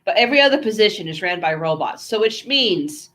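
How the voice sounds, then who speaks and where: A woman's voice: mid-range voice, animated, a little fast, a bit bright. A woman with an American accent chatting casually to her camera, rambling from one thought to the next with lots of fillers and asides. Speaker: vlogger.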